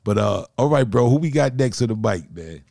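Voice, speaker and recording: Gravelly laid-back male podcast host. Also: medium pitch, lively intonation, a little fast, darkish tone, no echo, clean studio sound. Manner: laid-back, laughs often, slangy. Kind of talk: casual chat.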